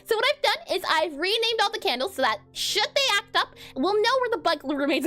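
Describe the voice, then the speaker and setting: High-pitched, animated woman game dev, playful and giggly live-stream banter. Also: fairly quick, faint music behind. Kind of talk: casual live-stream coding chat.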